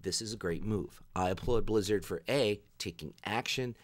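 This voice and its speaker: A man giving opinionated commentary on a video game, telling stories in an animated rant. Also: on the low side, normal speed. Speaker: gaming video creator.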